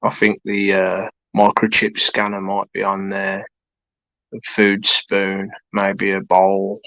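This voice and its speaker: A man's voice: sits low, completely flat delivery, takes it slowly, sharp tone, no echo, poor audio. A British man in his forties hosting a live stream, chatting casually and rambling with many hesitations and restarts. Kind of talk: casual chat with viewers. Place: home room.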